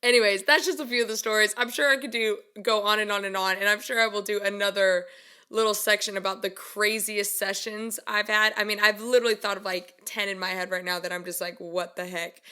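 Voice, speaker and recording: A woman vlogger telling studio stories in a casual, animated way, laughing often as she talks. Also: mid-range voice, clear, resonant tone. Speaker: vlogger and music creator. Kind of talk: casual storytelling vlog.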